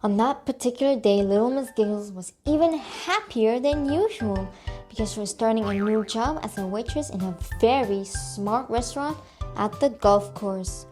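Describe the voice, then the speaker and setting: A cheerful woman reading a picture book aloud for young children, warm in tone and often asking her listeners questions. Her voice sits fairly high. Soft music plays faintly under her reading. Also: moderate pace. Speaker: children's storyteller.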